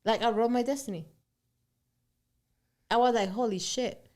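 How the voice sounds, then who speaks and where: Animated woman telling stories. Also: on the high side, normal speed. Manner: animated storytelling, switching between English and Spanish, swears freely. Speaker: guest singer-songwriter. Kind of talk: casual interview chat.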